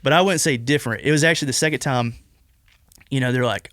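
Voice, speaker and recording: A young man in his twenties talks quickly at a medium pitch, his tone fairly bright, in clean, echo-free studio sound. As a podcast guest he rambles casually through a long personal story, leaning on "like" and restarting often.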